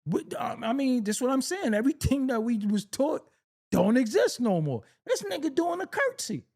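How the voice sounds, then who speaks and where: Lively, laughing male reaction host. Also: very high voice, normal speed, vocal fry. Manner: animated and joking, laughs often, swears freely. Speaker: host reacting to video clips. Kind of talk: casual reaction commentary.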